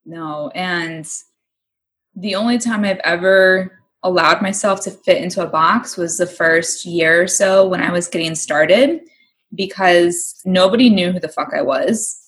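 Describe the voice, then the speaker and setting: A young woman co-hosting a podcast in casual chat, talking candidly and swearing freely. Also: fairly low pitch. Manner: candid, swears freely, acts out her own excited thoughts. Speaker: podcast co-host.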